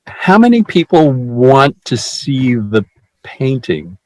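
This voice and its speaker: A man leading a poetry discussion group, talking in a halting way with many restarts and fillers. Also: mid-range voice, big pitch swings, darkish tone, no room sound, low-quality recording.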